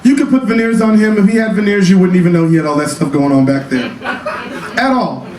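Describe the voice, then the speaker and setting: Flamboyant high-voiced man in a live club. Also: fairly even intonation, fast talker, a little mellow, reverberant, distant mic. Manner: flamboyant, sassy, calls the audience child and honey. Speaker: comedian performing a one-man show. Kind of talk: live stand-up storytelling. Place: small cabaret club with an audience. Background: audience laughter.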